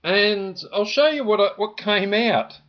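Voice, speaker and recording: Man, Australian accent, indignant, rambling, lots of fillers, slightly high voice, dull lo-fi sound. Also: measured pace. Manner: indignant, rambling, full of "you know" fillers. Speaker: vlogger. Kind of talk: rambling complaint to camera.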